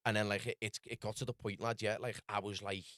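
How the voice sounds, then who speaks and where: A man with a Scouse accent telling his story rapidly in casual podcast chat, peppered with lad and bro. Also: fairly low pitch, flat delivery, fairly bright tone, no room sound, studio quality. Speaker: podcast guest.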